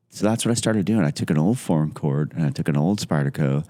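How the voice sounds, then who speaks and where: A middle-aged man, a podcast guest, telling a casual anecdote in a rambling way full of "like", acting out quotes in lively voices. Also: rumbling low, a little fast, few pauses, no echo, studio quality.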